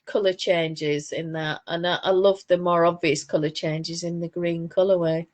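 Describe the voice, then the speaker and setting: A woman's voice: lowish voice, steady tone, normal speed, a little mellow. A woman from northern England, co-hosting a crafting podcast in casual, rambling chat full of restarts. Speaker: podcast co-host.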